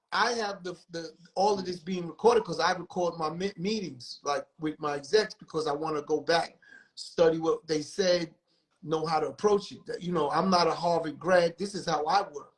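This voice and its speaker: Brief: high-pitched male guest, blunt and profane, animated storyteller. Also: normal speed, low-quality recording. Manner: profane, animated, acts out other people's lines. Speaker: music industry guest. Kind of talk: candid storytelling on a livestream podcast.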